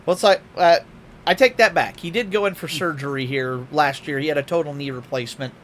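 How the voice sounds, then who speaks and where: A man's voice: a little high, a little fast, slight background noise. A man streaming live, telling stories in casual chat, swearing and acting out what people said. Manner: storytelling, swearing, acting out quotes.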